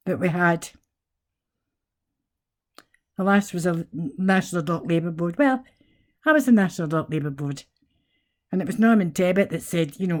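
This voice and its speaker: Older Scottish woman with a lowish voice, chatty, quick to get indignant. Home video monologue. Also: a little mellow. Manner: chatty storytelling, turning to indignant outbursts. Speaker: retired nurse vlogger. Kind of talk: rambling political monologue to camera.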